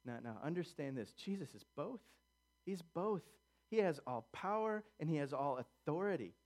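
A man's voice: on the high side, sing-song, normal speed. Male pastor mid-sermon, earnest and emphatic. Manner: earnest, urgent, emphatic with quiet asides.

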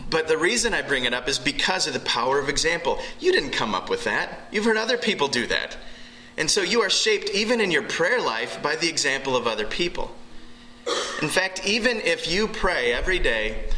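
Man, pastor preaching, very bright tone, faint room noise. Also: fairly high pitch, big pitch swings, poor audio. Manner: earnest, pausing often, restarts phrases. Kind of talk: sermon with prayer. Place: church hall.

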